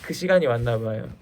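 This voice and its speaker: A man's voice: medium pitch, very noisy. A young man in his twenties hosting a casual livestream, chatting easily and thinking aloud between songs. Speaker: idol livestream host.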